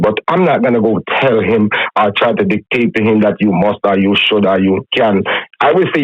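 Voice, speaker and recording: A man's voice: fairly low pitch, fairly quick, no echo. A middle-aged Jamaican man calling in to a radio show, arguing his view with repeated emphatic phrases and patois turns. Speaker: caller. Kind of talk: call-in radio opinion. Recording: muffled call-in line, dry.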